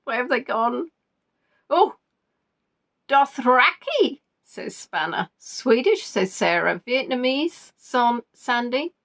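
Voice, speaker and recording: A woman's voice: fairly high pitch, very animated, slow, fairly bright tone. Chatty woman hosting a live quiz. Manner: chatty, giggly, reads out viewers' answers. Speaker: quiz host.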